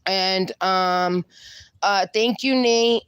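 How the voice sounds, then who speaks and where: A woman's voice: medium pitch, very slow, fairly bright tone, smooth, dry recording, muffled recording. A woman, hosting a casual live stream and reading viewers' comments aloud in a chatty, affectionate way. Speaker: livestream host.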